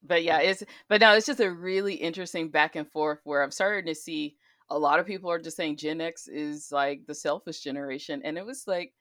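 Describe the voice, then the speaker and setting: A woman's voice: sits low, a little fast, no echo, studio quality. A middle-aged woman co-hosting a podcast, chatting casually and telling stories with plenty of laughter. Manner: animated, laughing storyteller who acts out quoted voices. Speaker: podcast co-host. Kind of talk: casual chat.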